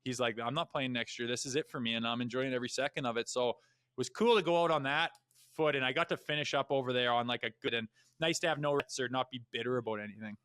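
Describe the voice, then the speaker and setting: Bright, dry-voiced man telling stories. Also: mid-range voice, fast, clear, resonant tone, dry recording. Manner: blunt and profane, with animated asides. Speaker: podcast guest, retired hockey player. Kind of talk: casual storytelling.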